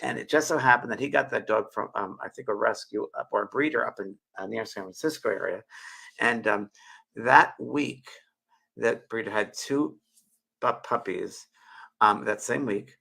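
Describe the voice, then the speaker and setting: A man hosts his show and tells a tender personal story, circling back and restarting often. His voice is gravelly and a little husky, with a bright, forceful edge. He speaks into a webcam. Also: fairly low pitch, normal speed. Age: 60s. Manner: rambling, emotional, with frequent restarts and laughs. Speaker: show host.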